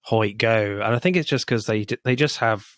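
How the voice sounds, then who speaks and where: A man's voice: moderate pace, no echo, studio quality. Laughing man chatting about films. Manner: laughs often, jumps high when quoting lines. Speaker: podcast co-host. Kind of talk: casual film discussion.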